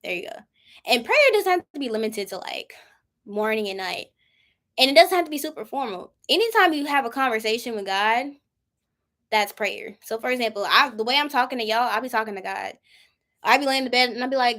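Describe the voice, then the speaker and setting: A young woman in her twenties leads a Bible study in an easy, conversational way. Her voice sits a bit high, and she drops into acting out her own prayers as she explains. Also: animated, brisk, pushed and bright. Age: 20s. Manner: chatty and informal, acts out her own prayers. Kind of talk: casual Bible study teaching.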